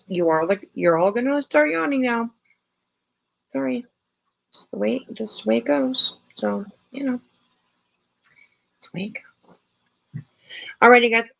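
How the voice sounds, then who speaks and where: Chatty middle-aged woman streamer, gravelly. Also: on the high side, lo-fi sound. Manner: chatty, rambling, laughs often, many fillers. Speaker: livestream host. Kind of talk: casual livestream chat with viewers.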